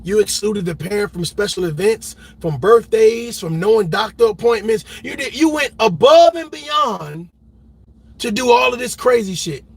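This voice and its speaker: A man's voice: high voice, gravelly, slightly rough. A man giving a heated reaction commentary, emphatic and blunt, repeating words and swearing freely as he argues. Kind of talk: ranting commentary.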